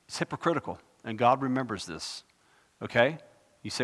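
A man's voice: mid-range voice, animated, brisk. A man preaching on scripture, reading verses with rising passion and breaking into conversational asides. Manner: impassioned, rising loud when reading scripture. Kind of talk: Bible teaching sermon. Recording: long hall reverb.

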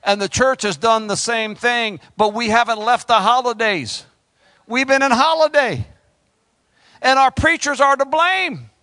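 A man's voice: very high-pitched, expressive, measured pace, pushed and bright, dry recording. A man preaching an impassioned sermon, calling out to his congregation.

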